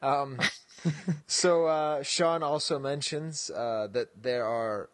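A man's voice: fairly high pitch, fairly even intonation, slow pace, dry recording. A man co-hosting a podcast in casual chat, rambling and jokey, laughing often and trailing off with "so". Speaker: podcast co-host.

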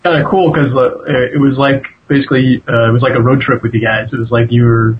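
Male guest, relaxed and laughing, faint background hiss. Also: mid-range voice, fast talker, lo-fi sound. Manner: easygoing, laughing. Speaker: podcast guest. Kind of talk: casual chat over a call.

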